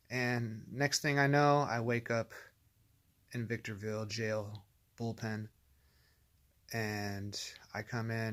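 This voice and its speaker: A man's voice: lowish voice, fairly bright tone. Rambling, profane Northern Californian man. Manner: rambling, profane, with frequent fillers and restarts. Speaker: vlogger telling his own story. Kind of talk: casual storytelling monologue.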